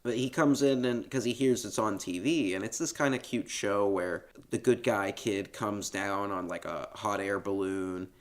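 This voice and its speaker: Relaxed low-voiced man recapping a movie. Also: moderate pace, few pauses. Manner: relaxed storytelling, laughs often, swears casually. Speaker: podcast co-host. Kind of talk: casual film recap chat.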